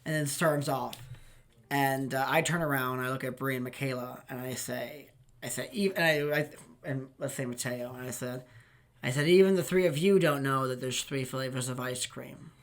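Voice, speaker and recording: A man's voice: mid-range voice, moderate pace. A young man hosting a casual podcast chat, telling rambling work stories with laughter and swearing. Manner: rambling, laughing, swears, acts out quoted people. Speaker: podcast host.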